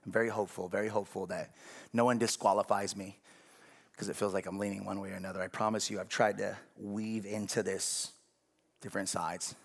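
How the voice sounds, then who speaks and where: A man's voice: fairly low pitch, level tone, a little fast, vocal fry. A man preaching a sermon as pastor, speaking conversationally and often checking whether the congregation is following.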